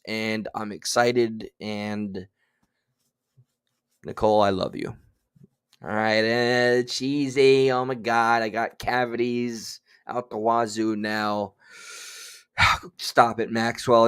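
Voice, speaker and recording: A man's voice: mid-range voice, clean tone. A man hosting a casual livestream, chatting loosely and reading out viewer names. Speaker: livestream host.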